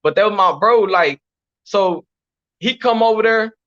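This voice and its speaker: Texan man, slangy and animated, high bright voice, dull lo-fi recording. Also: measured pace. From Texas, USA. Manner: animated, slangy, repeats "you know what I'm saying". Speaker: guest telling prison stories. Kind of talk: casual storytelling interview.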